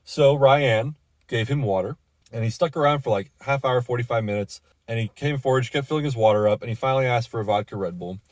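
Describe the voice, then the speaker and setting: A man's voice: medium pitch, fast talker, darkish tone, no echo. Man, bar manager, casual storytelling rant, swears, lots of ums, dry close sound. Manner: casual and profane, with many fillers and restarts.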